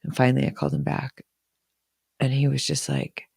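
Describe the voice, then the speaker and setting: A woman's voice: a bass voice, little pitch movement, fairly quick, gravelly, darkish tone, slightly rough, dry recording, clean studio sound. A woman talking casually and emotionally on a live stream from home, swearing freely and speaking openly.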